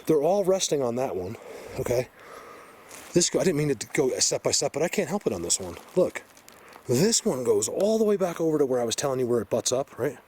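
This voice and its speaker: Male outdoor vlogger, keyed-up and chatty, lively voice, mid-range pitch, walking outdoors with a handheld camera. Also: brisk, a little hiss or hum. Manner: excited, points things out to viewers. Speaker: vlogger exploring a forest. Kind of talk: casual walk-and-talk. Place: forest outdoors, hiking uphill.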